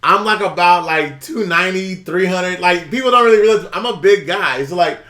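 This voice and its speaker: Upbeat man with a high, bright voice. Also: a little fast, reverberant. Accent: Southern US. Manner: animated, acts out quotes and laughs often. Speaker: channel host. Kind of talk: casual storytelling chat.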